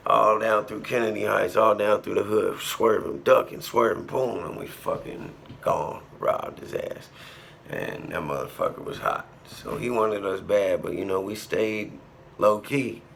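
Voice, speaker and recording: A young man with a low, gravelly voice recounts his past in casual street slang. He swears freely and punctuates the action with spoken sound effects. A faint noise hangs behind him. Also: fairly bright tone. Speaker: storyteller. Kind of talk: casual storytelling.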